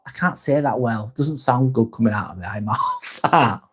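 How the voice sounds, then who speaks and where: A man's voice: medium pitch, unhurried, few pauses, husky. A man hosting a live stream, reading chat comments aloud, swearing heavily, then apologizing.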